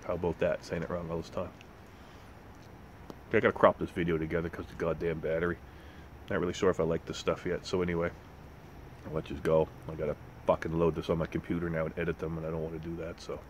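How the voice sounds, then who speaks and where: A man with a very low, deep voice rambles through a casual vlog, restarting sentences and dropping curses as he goes. Faint road noise hums behind him. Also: level tone, fast, rough recording. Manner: rambling, profane, self-correcting. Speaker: pipe tobacco vlogger.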